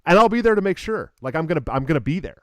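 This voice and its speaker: Host type: laid-back man, quick talker, dry close sound. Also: on the high side, lively intonation, a bit bright, no room sound. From near Oakland, California. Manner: casual, says "dude" and "you know what I mean". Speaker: podcast host, party politician. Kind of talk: casual chat.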